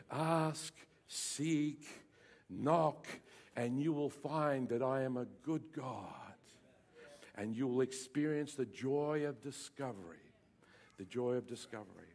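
A male pastor preaching a lively sermon to his congregation, with playful asides and bursts of raised voice. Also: a little high. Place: church hall with congregation.

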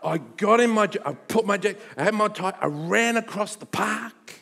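A middle-aged man, preaching a sermon and telling a personal story in an animated way, dropping to hushed tones and rising to loud bursts. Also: sits high, moderate pace, gravelly, breathy edge. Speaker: pastor.

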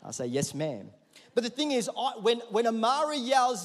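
A man preaching a sermon in a church hall, conversational and then rising to loud emphatic peaks. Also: very high-pitched, sing-song, unhurried. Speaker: pastor. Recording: hall reverb.

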